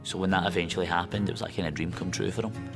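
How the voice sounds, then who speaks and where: Deep, gravelly man speaking fast. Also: over loud music. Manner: relaxed, peppered with "you know". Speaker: son interviewed in a documentary. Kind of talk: interview recollection.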